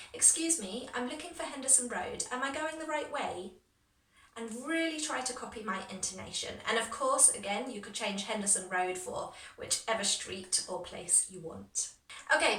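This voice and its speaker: Woman english teacher, bright high-ish voice, encouraging, echoey room, a bit off mic. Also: distant mic. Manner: clear, encouraging, exaggerated rising intonation on model phrases. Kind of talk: language lesson, modeling phrases to repeat.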